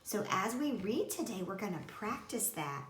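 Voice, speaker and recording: A woman teacher giving a slow, expressive read-aloud lesson to young children. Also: medium pitch, a little hiss or hum. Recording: roomy with faint ambience.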